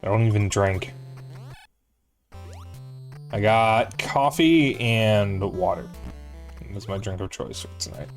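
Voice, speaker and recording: A man's voice: lowish voice, takes it slowly, pauses often, soft background music. A man streaming a retro game, talking casually and sarcastically to his chat while he plays. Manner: sarcastic, joking, talks to chat while playing. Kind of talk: casual gameplay commentary to chat.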